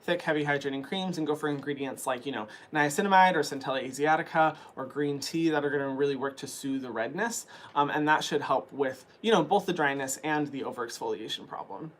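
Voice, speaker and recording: Young guy talking skincare, lots of ums and likes, kinda high voice, morning voice. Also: brisk, hardly any pauses, fairly bright tone. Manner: chatty, frequent fillers like "um" and "like". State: early morning voice. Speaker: skin care channel host answering viewer questions. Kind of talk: casual chat.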